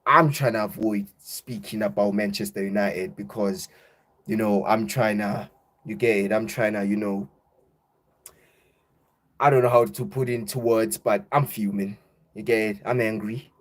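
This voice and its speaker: A young man in casual football banter, talking low and subdued, grumbling and repeatedly asking if the listener gets it. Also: fairly even intonation, normal speed, a bit bright.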